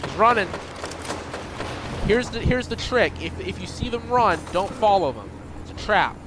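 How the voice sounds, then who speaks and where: Man shouting quick gameplay callouts. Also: sits high, lively intonation, background noise. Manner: repeats himself, quick urgent callouts. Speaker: gamer and podcast host. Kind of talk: live gameplay commentary. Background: loud music and game sounds.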